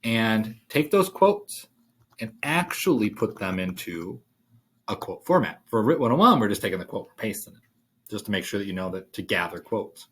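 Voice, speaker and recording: Man, low voice, writing teacher, casual worksheet walkthrough, thinking aloud, keyboard clicks. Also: very animated, normal speed, a bit bright, breathy edge. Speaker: writing instructor. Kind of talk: screen-share worksheet walkthrough.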